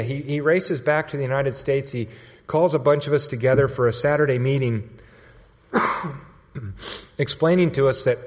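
A man telling a story in a sermon, speaking in a conversational, earnest way, with a long hall reverb around him. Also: medium pitch. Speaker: mission staff speaker.

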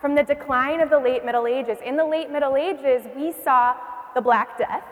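A high-voiced woman teaches church history in a classroom lecture at a moderate pace. She keeps things engaging by asking the class questions and repeating their answers, and the hall gives the recording a long reverb.

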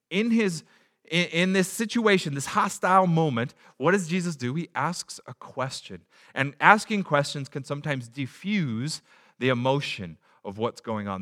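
A man preaching a sermon in a conversational way, asking the congregation rhetorical questions and dropping his voice low for emphasis. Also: fairly bright tone. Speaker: pastor.

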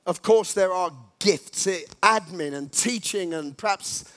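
Guy preaching a sermon, pretty high voice, keeps repeating lines and punching them out loud. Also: unhurried. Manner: emphatic, repetitive exhortation with sudden loud rallying cries.

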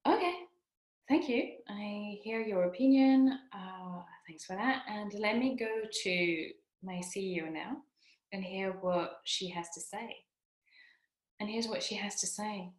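Woman, motivational speaker, earnest, repeats for emphasis, unhurried, roomy echo. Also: mid-range voice. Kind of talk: motivational self-help talk. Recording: echoey room.

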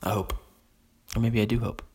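Young man, fairly low voice, crude rambling podcast talk, lots of "like", bathroom recording. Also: flat delivery, fairly quick, darkish tone, breathy edge. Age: 20s. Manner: loose, profane, meandering with lots of "like". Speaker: podcast host. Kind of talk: crude rambling comedy monologue. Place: bathroom in his family's home.

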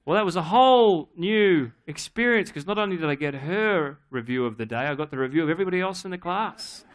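A middle-aged man preaching a sermon, telling a family story in a relaxed, humorous, conversational way. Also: on the high side, fairly quick. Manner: acts out his daughter's voice in quotes. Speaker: pastor.

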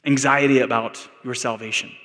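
A man's voice: medium pitch, fairly even intonation, normal speed, fairly bright tone. A man with an American accent preaching a sermon as pastor, earnest and building to emphatic peaks. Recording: long hall reverb.

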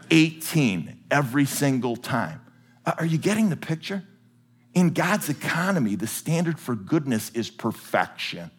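A man preaching a sermon to a church congregation, animated and jokey. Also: mid-range voice, unhurried, breathy edge. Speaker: pastor. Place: large church with balcony.

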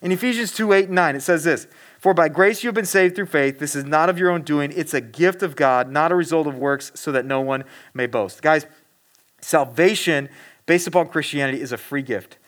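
Man, high voice, casual preacher, chatty and animated with fillers; talks right to the audience. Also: fairly quick. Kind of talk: casual sermon.

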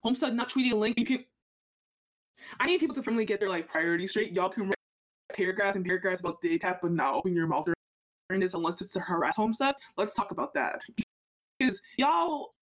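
A woman's voice: medium pitch, lively intonation, fast talker. A woman co-hosting a podcast, ranting heatedly and swearing a lot in casual chat. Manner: heated, profane, emphatic ranting. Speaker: podcast co-host.

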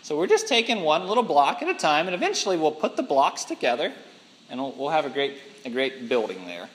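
A man teaching a Bible class in an animated way, laughing often and acting out the people he quotes. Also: on the high side, fairly quick, a little hiss or hum. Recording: long hall reverb.

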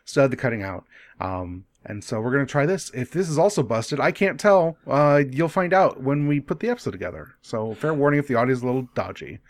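A man hosting a podcast in casual chat, relaxed and steering the talk over a remote call. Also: mid-range voice, fairly quick. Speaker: podcast host. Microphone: remote call mic.

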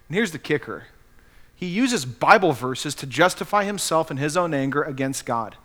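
A man's voice: on the high side, animated, moderate pace, pushed and bright. A man preaching a sermon as pastor, earnestly acting out the quotes he cites.

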